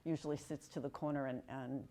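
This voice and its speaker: A dog owner speaks with a low, mellow woman's voice. She talks with her trainer in a casual, hesitant way. She often stops to fill the gaps as she searches for words. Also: steady tone, a little fast. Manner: hesitant, with fillers. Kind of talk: casual chat.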